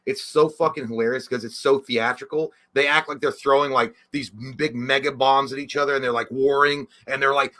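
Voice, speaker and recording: A man's voice: medium pitch, brisk, few pauses. A young man co-hosting a podcast, rambling and swearing in a casual chat. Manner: rambling, animated, swears a lot. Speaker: podcast co-host.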